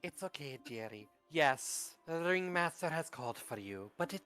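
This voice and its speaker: A man voicing a gentle, kindly old grandmother who speaks softly and soothingly and calls people dearie. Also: on the high side, expressive, normal speed, faint music behind.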